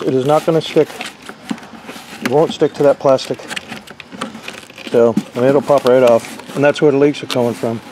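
A man's voice: mid-range voice, fairly even intonation, normal speed, long pauses, noisy background. A man giving a casual, rambling job-site walkthrough of an RV roof repair, with lots of fillers. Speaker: RV roof installer.

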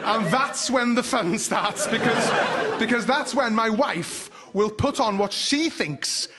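A man's voice: very high-pitched, takes it slowly, a crowd in the background. A man from Wales with a North Welsh accent, doing stand-up comedy with dry, wry asides. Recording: noisy live radio recording.

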